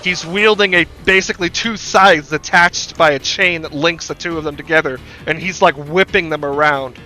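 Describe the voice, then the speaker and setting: A man's voice: on the high side, normal speed, sharp tone, soft background music. A man narrating a tabletop game as game master, casual and full of fillers.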